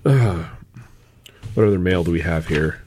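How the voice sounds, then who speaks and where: Lower-voiced man with dry quips. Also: measured pace, darkish tone, a little hiss or hum. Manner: dry quips, short reactions. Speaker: podcast co-host. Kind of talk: casual chat.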